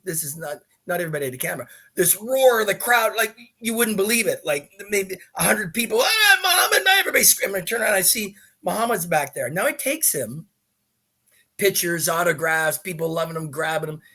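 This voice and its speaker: Lively man telling stories. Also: high-pitched, husky. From Canada. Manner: lively, with many restarts and asides. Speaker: podcast guest. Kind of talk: animated storytelling in a podcast interview.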